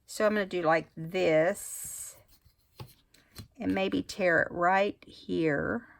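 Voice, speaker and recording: A woman's voice: lowish voice, steady tone, slow pace, vocal fry. A woman talking casually through a craft tutorial, thinking aloud as she works. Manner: chatty, thinks aloud while working. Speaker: craft vlogger.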